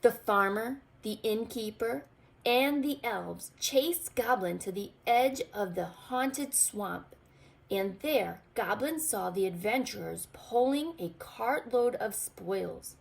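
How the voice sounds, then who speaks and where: A woman teacher reading a storybook aloud to young children, expressive and pointing out pictures. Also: a little high, vocal fry. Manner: expressive, slow, asks children to look. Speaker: pre-K teacher.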